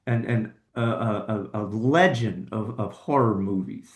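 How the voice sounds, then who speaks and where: A man's voice: lowish voice, a little slow. A man co-hosting a podcast, chatting casually and knowledgeably about old films, sometimes teasing. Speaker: podcast co-host. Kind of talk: casual chat. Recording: echoey room.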